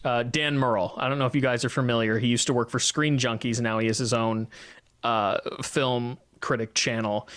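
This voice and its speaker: Guy hosting a movie podcast, calm and even, passes the mic around. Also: mid-range voice. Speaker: podcast host. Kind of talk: casual movie review chat.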